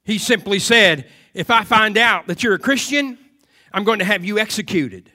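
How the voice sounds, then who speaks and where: A man preaching a sermon, moving from quiet, hushed passages to loud, emphatic cries and repeated phrases. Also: high-pitched, animated, normal speed.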